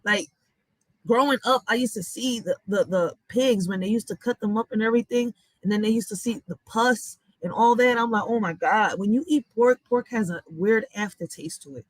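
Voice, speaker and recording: A woman with a fairly high voice talks straight to her viewers in a casual reaction vlog. She is blunt and profane, swinging into animated, emphatic stretches. The sound is close and dry. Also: moderate pace, dry recording, low-quality recording. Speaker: reaction vlogger.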